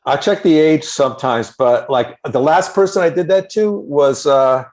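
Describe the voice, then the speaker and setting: A man guesting on a comedy podcast, telling dry, deadpan anecdotes. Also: a little high, moderate pace. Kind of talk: casual comedy chat.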